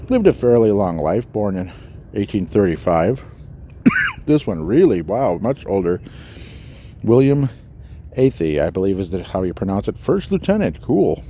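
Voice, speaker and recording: A man hosting a podcast, walking outdoors through a cemetery and musing aloud with pauses, slightly out of breath. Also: fairly low pitch, warm tone, a little hiss or hum. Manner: musing, halting, reads out names and dates. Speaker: podcast host. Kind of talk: walking tour commentary.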